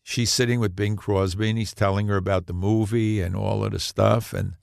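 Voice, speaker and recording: A man in his eighties, a podcast guest, telling anecdotes in an animated way and laughing at his own punchlines. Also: on the low side, brisk, gravelly, clean tone, no echo, studio quality. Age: 80s. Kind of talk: storytelling in a podcast interview.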